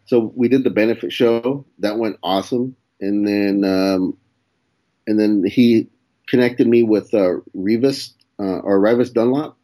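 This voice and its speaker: Unhurried and warm, his voice sits on the lower side. The young comedian, a guest in an easygoing chat, swears casually and plays out quoted dialogue with laughter as he recounts a story.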